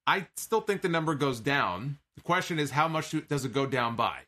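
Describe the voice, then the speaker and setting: A man's voice: a little high, lively intonation, normal speed, pushed and bright. A man hosting a podcast, giving an opinionated, casual recap of a wrestling show and quoting lines from it.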